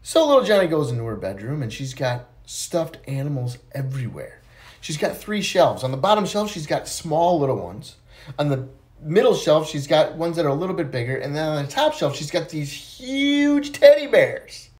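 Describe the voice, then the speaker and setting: A man's voice: a little high, sing-song, normal speed, a little mellow. A man telling dirty jokes, acting out the voices as a playful storyteller. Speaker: joke teller.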